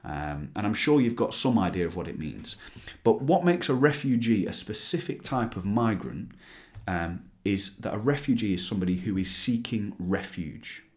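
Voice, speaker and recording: A man with a notably deep, low voice talks through a recorded history lesson for a school class. He explains step by step, pausing on filler sounds and restarting his sentences as he goes. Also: expressive. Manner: explanatory, with frequent ums and restarts. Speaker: teacher.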